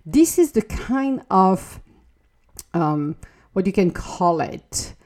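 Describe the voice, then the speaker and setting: Woman motivational speaker, mellow earnest delivery, non-native English, encouraging and direct. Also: mid-range voice, very animated, takes it slowly. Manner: earnest, encouraging, acts out little quoted dialogues. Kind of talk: motivational monologue.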